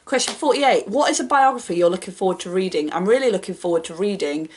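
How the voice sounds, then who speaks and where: In a casual book vlog, a woman reads out each question brightly and answers offhandedly, poking fun at herself. She speaks quickly and expressively at a medium pitch, and there's a little hiss or hum in the audio.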